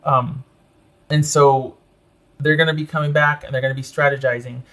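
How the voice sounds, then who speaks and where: A man's voice: on the high side, level tone, normal speed, sharp tone. Emphatic man giving a tarot reading. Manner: emphatic, indignant and protective; repeats phrases for emphasis. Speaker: tarot reader.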